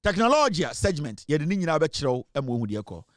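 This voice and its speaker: A man's voice: fairly high pitch, big pitch swings, brisk, no echo, studio quality. A Ghanaian man hosting a talk show, giving pointed political commentary and switching between English and Twi.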